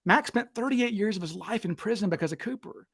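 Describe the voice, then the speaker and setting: High-voiced man telling animated stories. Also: a little fast, creaky, slightly rough. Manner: animated, acts out quotes with raised voice. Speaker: podcast host. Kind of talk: casual storytelling chat.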